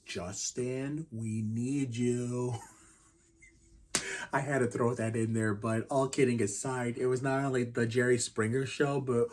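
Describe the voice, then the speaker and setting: A man in his thirties hosting a casual basketball review vlog, rambling and restarting often and keeping his voice quiet. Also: medium pitch, flat delivery, moderate pace. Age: 30s. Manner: speaks quietly to keep the noise down. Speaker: channel host reviewing basketball games.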